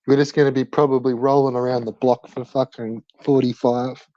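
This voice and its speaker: A man's voice: medium pitch, little pitch movement, a little fast, dark tone, no room sound, muffled recording. A man hosting a livestream, chatting casually and crudely, swearing constantly in slangy banter. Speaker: livestream host.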